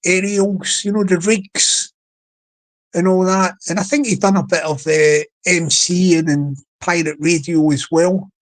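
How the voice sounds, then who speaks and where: A man's voice: high-pitched, poor audio. A man hosting a casual livestream, rambling with many restarts and repeated words and chuckling often. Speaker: livestream host.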